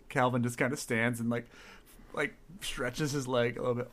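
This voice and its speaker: A man's voice: mid-range voice, steady tone, moderate pace, a bit bright. Laid-back man describing his moves. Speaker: player. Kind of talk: narrating a tabletop game.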